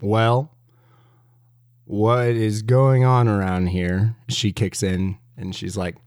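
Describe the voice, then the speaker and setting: Slow, mellow-voiced man game master. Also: on the low side, little pitch movement, no echo. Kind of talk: narrating a tabletop game.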